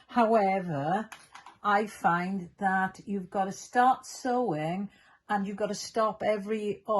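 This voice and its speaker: A middle-aged woman giving a patient, step-by-step sewing demonstration as a quilting teacher. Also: medium pitch. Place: sewing room at a machine.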